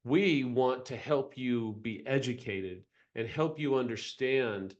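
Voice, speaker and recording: A man's voice: medium pitch, takes it slowly, dull audio. A man co-hosting a podcast, speaking earnestly and directly to his listeners. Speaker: podcast co-host. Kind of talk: podcast discussion.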